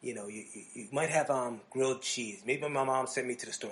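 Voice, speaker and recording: A man from New Jersey hosts a relaxed podcast chat. He rambles through his stories, restarts his sentences and laughs easily, in an ordinary mid-range voice. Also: mid-range voice, a little fast, hardly any pauses. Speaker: podcast host. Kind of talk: casual chat.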